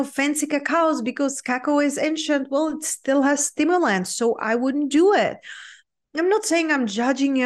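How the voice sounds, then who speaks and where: A woman with a Czech accent hosting her own podcast as a business coach, talking in an upbeat, earnest, motivational way. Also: high voice. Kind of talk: solo podcast talk.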